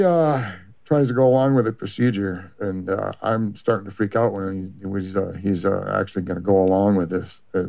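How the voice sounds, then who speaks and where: A man with a rough, gravelly voice tells a long personal story in an interview. He stumbles through it with constant fillers and restarts. The recording is muffled and lo-fi. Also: on the low side. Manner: halting, full of fillers and restarts. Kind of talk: rambling personal account.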